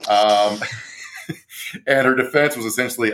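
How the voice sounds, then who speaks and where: A man's voice: fairly low pitch, brisk, a bit bright. A man co-hosting a casual political podcast, talking in a wry, sardonic way and laughing at his own points. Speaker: podcast co-host.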